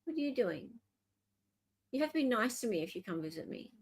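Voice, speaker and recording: A woman's voice: a little high, sing-song, brisk, slightly rough. A woman with an Australian accent hosting a live stream, chatting playfully with her viewers. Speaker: livestream host. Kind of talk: casual live commentary.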